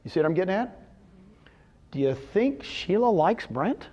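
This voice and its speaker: A man's voice: high-pitched, very animated, normal speed, dark tone, dull audio, slight background noise. A man speaking to a live audience at a real estate seminar, telling success stories animatedly and firing rhetorical questions at the crowd. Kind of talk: motivational talk to an audience.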